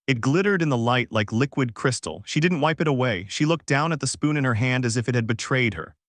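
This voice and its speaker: A man giving measured, dramatic first-person narration of a sci-fi story. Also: mid-range voice, a bit bright, dry recording, clean studio sound.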